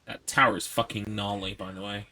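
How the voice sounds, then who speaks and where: Male streamer, chatty and sarcastic, sweary, bright tone. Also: on the low side, flat delivery, brisk. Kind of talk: casual gameplay commentary.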